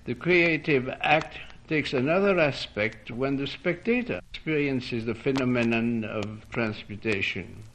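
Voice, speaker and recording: A man reads a formal lecture at an unhurried, deliberate pace, his pitch sitting in an ordinary middle range. He weighs each phrase and sometimes stops to correct himself. It has the feel of an old archival talk. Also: a bit bright, a little hiss or hum, rough recording. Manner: measured, formal, with occasional self-corrections. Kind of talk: reading a prepared lecture.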